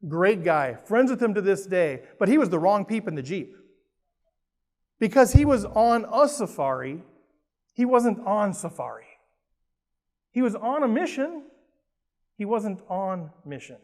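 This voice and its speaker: A man's voice: high voice, a little slow, long pauses. Upbeat Minnesotan man speaking in a hall. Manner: lively and playful, asks the audience questions. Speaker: keynote speaker. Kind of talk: motivational stage talk. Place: large conference hall with an audience. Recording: roomy hall reverb.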